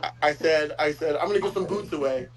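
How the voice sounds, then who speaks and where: A man's voice: fairly high pitch, fast, over music, low-quality recording. Chatty man reminiscing with laughs. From Florida. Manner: rambling, chuckles often, fillers. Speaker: host. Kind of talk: casual chat.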